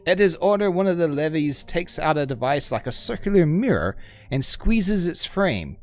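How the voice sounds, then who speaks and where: A male game streamer, chatty and self-mocking, reading the story aloud with a lively, rising pitch. His voice sits a little high and sounds dry and close to a desk mic. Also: moderate pace, no echo.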